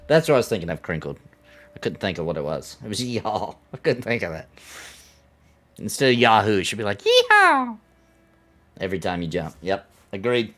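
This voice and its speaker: A man with a fairly low, animated voice talks fairly fast while live-streaming an online game. He's playful and full of jokes, chatting casually with viewers and teasing the game itself.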